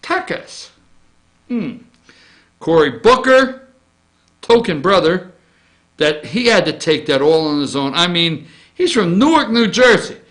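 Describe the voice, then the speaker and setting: Joking guy host, real high bright voice, bounces all over, rambles off on tangents. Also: a little slow. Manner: joking, rambling, animated, with asides. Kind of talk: casual opinion commentary.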